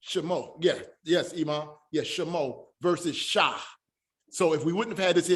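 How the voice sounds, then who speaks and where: Man teaching hebrew, bit higher voice, goes over each sound again and again, easygoing, says y'all. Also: a bit bright. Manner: patient, repeats words slowly to drill pronunciation. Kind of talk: classroom lesson.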